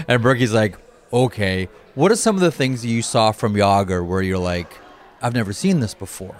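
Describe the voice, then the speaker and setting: A man's voice: lowish voice, lively intonation, moderate pace. A man co-hosting a casual chat, telling an anecdote and then asking the guest a question. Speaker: podcast co-host.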